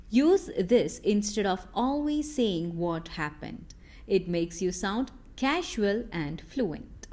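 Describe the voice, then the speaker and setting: Woman, scripted lesson narration, slow and clear, very lively intonation. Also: medium pitch. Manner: slow, clear, expressive delivery of example phrases. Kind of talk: scripted narration with acted example lines.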